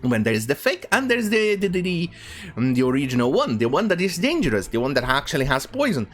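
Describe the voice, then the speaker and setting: A woman's voice: sits low, sing-song, fast talker, faint music behind. A woman giving ranting news commentary, sarcastic and profane, who mocks words by repeating them. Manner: sarcastic and profane, with mocking repetition. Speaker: online commentator.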